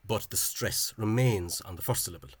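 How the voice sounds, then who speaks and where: A man giving an informal spoken lecture over on-screen examples. He talks in a halting, hesitant way and is openly scornful of the official spelling. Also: fairly low pitch, husky, dry recording. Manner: hesitant and halting, with frequent pauses and restarts. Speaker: language enthusiast presenting a video lecture.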